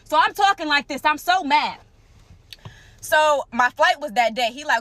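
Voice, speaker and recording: A young woman telling a personal story to her viewers in casual, animated speech, repeating phrases for emphasis. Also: high-pitched, moderate pace. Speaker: storytime creator.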